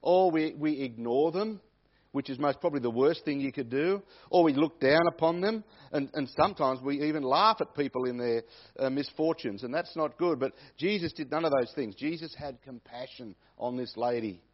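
A man's voice: on the high side, moderate pace. A man preaching a sermon, repeating key phrases for emphasis. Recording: dull lo-fi recording.

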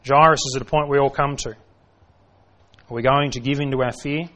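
A man's voice: medium pitch, fairly even intonation, normal speed, fairly bright tone. A man preaching an evening sermon in a dramatic style, full of rhetorical questions, who acts out the voices he quotes. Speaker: pastor.

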